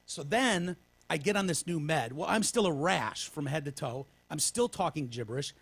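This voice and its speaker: A man from Michigan, a podcast co-host telling a long story in casual, profane talk. He drops to hushed whispers when quoting himself. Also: fairly high pitch, expressive, moderate pace, gravelly, slightly rough, no room sound.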